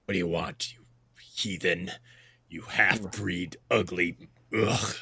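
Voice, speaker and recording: A man's voice: low-pitched, steady tone, slow pace, gravelly, sharp tone, breathy edge, no room sound, full character voice. A man voicing a hostile captured male orc warrior who is crude and insulting. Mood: contemptuous.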